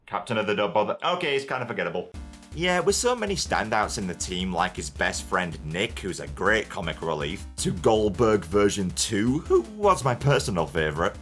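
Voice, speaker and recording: A man's voice: fairly low pitch, sing-song, normal speed, fairly bright tone, soft background music. A man narrating a comedic TV review, sardonic and profane, often poking fun at himself. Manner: sardonic, profane, self-mocking.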